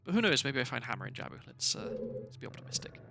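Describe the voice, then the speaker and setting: A man's voice: mid-range voice, big pitch swings, fast, gravelly. A man commenting casually on his game as he plays, sleepy and yawning, rambling and correcting himself with a wry edge. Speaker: streamer playing a game. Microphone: desk microphone. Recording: loud background music under voice.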